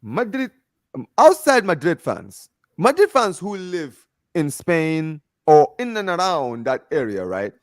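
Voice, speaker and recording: A man co-hosting a casual football debate over an online call, animated and emphatic, often asking if you understand what he's saying. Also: a little high, unhurried, no echo, clean studio sound. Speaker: football podcast co-host. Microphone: home mic over internet call.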